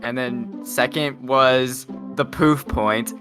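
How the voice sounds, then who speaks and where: A man hosting a casual group podcast, relaxed and leading the discussion. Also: medium pitch, slow, music in the background. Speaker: podcast host.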